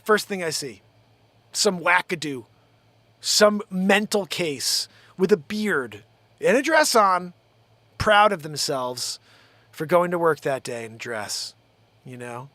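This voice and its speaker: A man's voice: sits high, lively intonation, slow pace, pauses often, bright, forceful tone, no room sound. A man hosting his own show, ranting in a heated, profane, rambling way. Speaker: show host. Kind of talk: live-stream rant.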